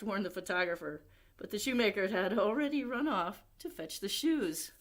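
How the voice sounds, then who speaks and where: A woman at a library reading a picture book aloud, expressive, with chatty asides to young listeners. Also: mid-range voice, normal speed. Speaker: library storyteller.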